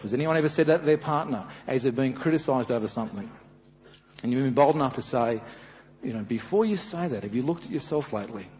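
A middle-aged man with an Australian accent preaching a sermon, animated and storytelling, often slipping into acted voices. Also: mid-range voice. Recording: dull with long reverb, faint hiss.

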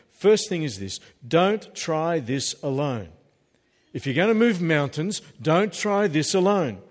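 Pastor, male, emphatic sermon voice with jokey asides, pitched a bit high, long hall reverb. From Australia. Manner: emphatic preaching with humorous asides. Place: church hall.

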